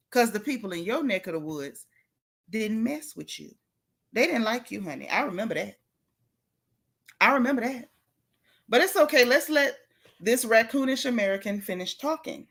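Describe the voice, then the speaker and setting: A woman's voice: a little high, sharp tone. A middle-aged woman, hosting a gossip commentary show in a sassy, emphatic way, talking straight to her viewers. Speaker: host.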